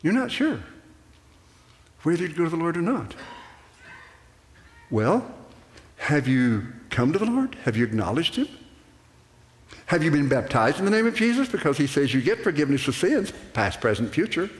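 An older man preaching a sermon to a congregation, animated and rambling, with restarts and acted-out asides. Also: on the high side, normal speed, long pauses. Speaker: pastor. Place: church sanctuary. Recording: echoey church hall.

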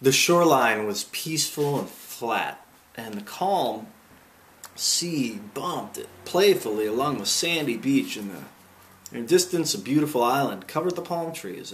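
A man narrating a storybook aloud, gentle and unhurried with small slips. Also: mid-range voice, animated, slight background noise. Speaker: audiobook reader.

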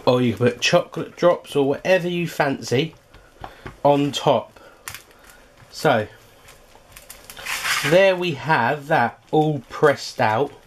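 A man's voice: on the high side, slow, pauses often, noisy background. Chatty man hosting a home cooking vlog. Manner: chatty, filler-heavy, eating while talking. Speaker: cooking channel host.

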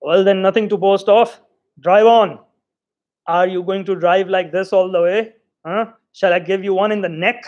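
A man voicing an irritable male hunchback reveler with a cracked voice, loud and bossy. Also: high voice, steady tone, normal speed, dull audio, lightly acted. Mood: bossy, abusive. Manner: bossy, shouting, abusive.

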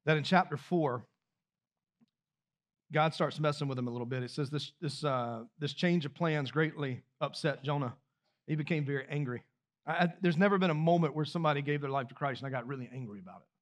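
A man's voice: fairly high pitch, fairly quick. A man preaching a sermon as pastor, talking loosely and directly to his congregation with rhetorical questions and repeated words. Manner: repeats words and restarts phrases while speaking freely. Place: church sanctuary.

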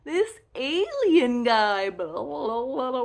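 A young woman leads a toddler speech lesson in a bright, high voice that swoops up and down. She speaks very slowly and stresses each sound with care. She pauses often so the child can repeat after her. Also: sing-song, a little hiss or hum. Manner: sing-song, over-articulated, with pauses for the child to repeat.

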